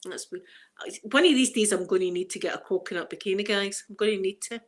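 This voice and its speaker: A middle-aged Scottish woman hosting a casual livestream chat, rambling through stories and laughing often. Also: medium pitch. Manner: rambling, storytelling, quick to laugh. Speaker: livestream host.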